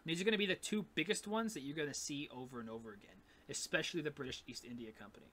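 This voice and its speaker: A man's voice: fairly high pitch, very fast, pushed and bright. A man teaching a recorded history lesson in a casual, rambling way, full of fillers and "right?" checks. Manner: casual, repetitive, with many fillers and "gonna", "right?".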